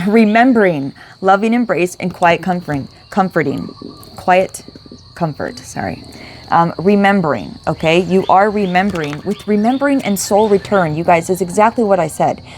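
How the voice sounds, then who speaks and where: A woman's voice: fairly low pitch, darkish tone, slight background noise. A young woman giving a casual, chatty spiritual card reading, swearing now and then, outdoors. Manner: chatty, swears, talks to her dog in between. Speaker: card reader.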